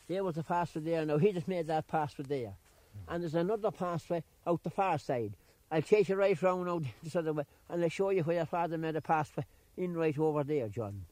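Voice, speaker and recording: Older rural man, high-pitched, stammers and repeats phrases, outdoor chat. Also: moderate pace, a little mellow. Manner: repeats himself, stammers, friendly. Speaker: local bog dweller. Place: outdoors on a bog.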